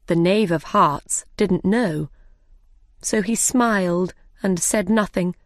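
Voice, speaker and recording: Learner-story narrator: woman, slow and clear, dry close mic. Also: on the low side, no room sound. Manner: clear, deliberate.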